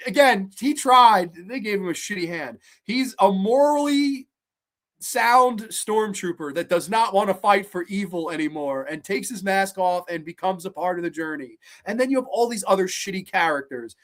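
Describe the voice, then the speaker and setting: A woman hosting a casual film review show, ranting in a profane, sarcastic, animated way. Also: mid-range voice, normal speed. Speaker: host.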